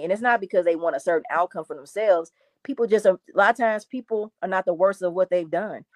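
A woman's voice: fairly low pitch, a little mellow, no echo. A woman prosecutor speaking in earnest, emphatic public remarks, with some restarts.

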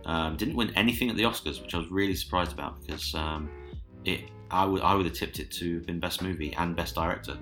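A young man co-hosting a podcast, chatting casually and relaxed, with lots of hesitant ums. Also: low voice, quick pace, faint music behind. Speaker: podcast co-host. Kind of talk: casual chat.

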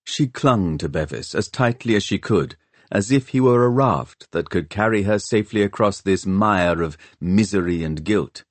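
A man reading a novel aloud as an audiobook narrator, in an expressive storytelling manner. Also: low voice, normal speed, no echo. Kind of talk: scripted narration.

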